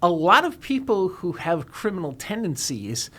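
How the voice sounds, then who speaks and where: A man's voice: high-pitched, very animated, moderate pace, fairly bright tone. A man explaining and arguing a legal point in an emphatic, lawyerly way on a talk show.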